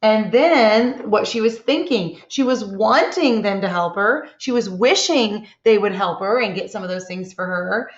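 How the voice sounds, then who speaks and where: A woman teacher leading a slow, encouraging reading lesson for young children, asking many tag questions. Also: mid-range voice, lively intonation. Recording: echoey room, dull lo-fi sound.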